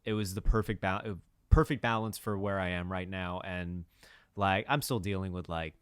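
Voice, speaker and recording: A man's voice: sits low, fairly even intonation, moderate pace, clean tone, no room sound, clean studio sound. A young man co-hosting a podcast, chatting in a rambling, jokey way with lots of fillers and restarts. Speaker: podcast co-host. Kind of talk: casual chat.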